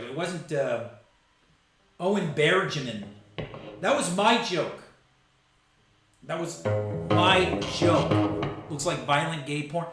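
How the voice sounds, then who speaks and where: Give me a man with a high, animated voice rambling jokes on a live stream. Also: very echoey, poor audio. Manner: loose, joking, digressive, laughs at own jokes. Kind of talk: rambling comedic monologue.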